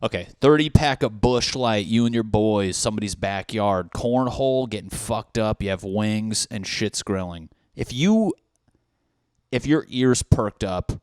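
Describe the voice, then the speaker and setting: This podcast host is a man in his thirties with a fairly low, clear, resonant voice. On his comedic solo show he rambles through party scenarios, swearing constantly, and the recording is dry and close with no room echo.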